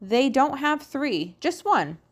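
A woman voicing a kind, patient schoolteacher who gently explains things in a storybook reading. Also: sits high, sing-song, slow pace, pitched above the performer's own voice, exaggerated voice. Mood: gentle.

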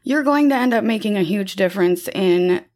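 A woman's voice: mid-range voice, lively intonation, moderate pace. Affirming woman interviewer. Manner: warm and affirming, sums up the guest. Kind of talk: casual interview.

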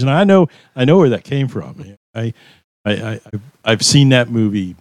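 Male podcast co-host, halting speech with restarts and chuckles, dry close mic. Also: medium pitch, animated, no echo. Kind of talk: casual chat.

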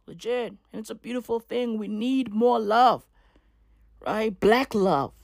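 A woman's voice: on the high side, a little slow, vocal fry, dry recording, studio quality. A woman delivering a comedic news rant in a profane, slangy, rambling way that keeps circling back to the same tags. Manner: repeats filler tags.

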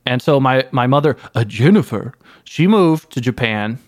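This is a man improvising a comedy interview. He tells absurd stories with a straight, mock-earnest delivery. His pitch sits mid-range, and the dry, close sound has no room in it. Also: animated, moderate pace, no room sound. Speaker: guest playing an anime creator.

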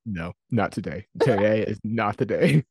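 A man's voice: on the low side, animated, normal speed, vocal fry, darkish tone, slightly rough, no echo, studio quality. A man co-hosting a casual podcast chat over a call, teasing and a bit sassy. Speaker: podcast co-host. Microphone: remote call mic.

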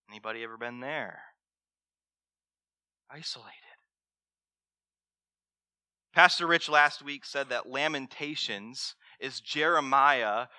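A man preaching a sermon as pastor, swinging between loud emphasis and hushed words and asking the congregation direct questions. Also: medium pitch, dry recording, studio quality.

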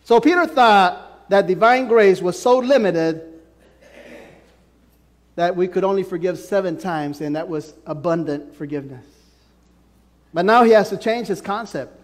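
A man preaching a sermon in a notably high voice, pushing certain words loud and letting others drop to almost nothing. His delivery is emphatic and sweeping. The sound carries a long reverb, like a large church hall. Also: measured pace, pauses often. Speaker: pastor.

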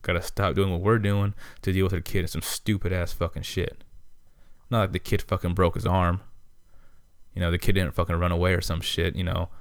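A man's voice: low voice, flat delivery, brisk, clear, resonant tone, no room sound, clean studio sound. A man telling a rambling, heavily profane story in a casual podcast monologue, irritated and blunt. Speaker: podcast host.

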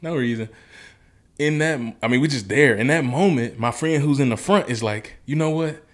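An interview guest from Memphis, Tennessee tells a personal story with earnest, vivid, colloquial flair. The man's mid-range voice is expressive and moves at normal speed.

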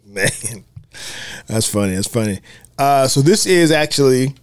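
A man hosting a podcast, chatting casually about a film, animated and laughing often. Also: mid-range voice, a little slow, clean tone, no room sound. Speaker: podcast host.

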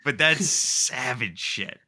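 The voice is a man's, very bright and sharp in tone. He co-hosts a podcast and swaps stories in loose, casual talk. He tells them with lively energy, curses freely and breaks into laughter as he goes. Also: mid-range voice, slow. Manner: animated, profane, laughs while telling stories. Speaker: podcast co-host. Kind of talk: casual storytelling chat.

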